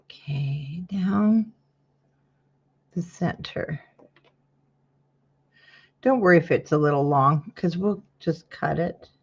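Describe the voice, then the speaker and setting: A woman hosting a casual paper-craft tutorial, her voice sitting on the lower side. She chats with viewers by name as she measures and trims. The recording is dull and lo-fi. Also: slow pace, pauses often, slightly rough. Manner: chatty, greets viewers by name mid-task.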